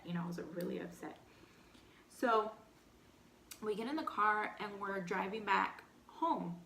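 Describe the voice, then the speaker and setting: A young woman with a light Texan accent casually telling a personal story between bites, animated and candid, full of "like". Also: mid-range voice, normal speed, vocal fry, echoey room, slight background noise. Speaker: vlogger. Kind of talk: storytime eating show chat.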